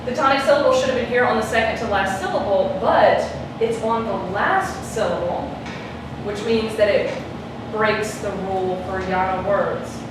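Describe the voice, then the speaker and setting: A Spanish teacher with a medium-pitched voice speaks at a moderate pace, patiently repeating her questions during a classroom lesson. She stretches out words to show where the stress falls. The recording is noisy, taped from a distance in an echoey classroom.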